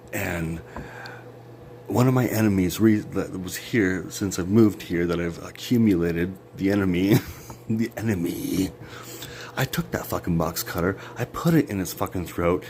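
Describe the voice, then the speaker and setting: Low, slow ranting man, profane and sarcastic. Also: background noise. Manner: profane, sarcastic, jumpy rants with sudden laughs. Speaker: vlogger. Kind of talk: rambling monologue to camera. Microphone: phone or camera.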